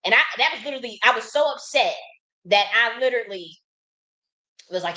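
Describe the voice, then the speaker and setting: A woman in her thirties from the United States tells a casual story in a blunt, profane and animated way. Her voice sits fairly high. She stumbles and restarts often as she talks. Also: brisk, low-quality recording. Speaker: host.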